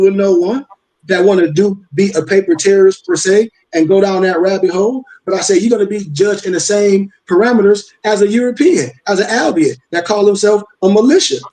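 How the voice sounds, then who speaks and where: A man's voice: high voice, darkish tone, rough recording. An older man, hosting a casual live-stream discussion, emphatic and preachy, firing rhetorical questions and repeating himself. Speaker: host. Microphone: video call.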